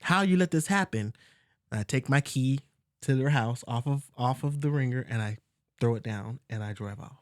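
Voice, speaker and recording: A man sits close to a dry-sounding mic as a podcast guest and tells a painful family story. He speaks earnestly and haltingly, circling back over his words as emotion rises, close to tears. His pitch sits in an ordinary middle range. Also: steady tone, a little mellow, dry recording. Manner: earnest, halting, repeats himself as he works through feelings.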